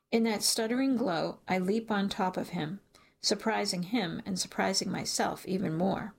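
Reading a first-person tale aloud for an audiobook, this woman uses a gravelly, husky voice of medium pitch and keeps her storytelling measured.

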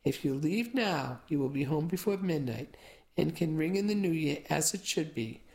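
A woman voicing a wise, doting Italian grandmother who talks in a measured, gently firm way, in a storybook reading. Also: low voice, expressive.

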